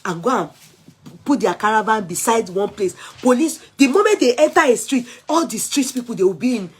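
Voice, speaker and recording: Animated Nigerian woman with a husky voice. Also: a little high, fairly quick. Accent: Nigerian, Yoruba. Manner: animated, code-switching, exclaiming. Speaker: vlog host taking calls. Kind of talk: casual commentary monologue.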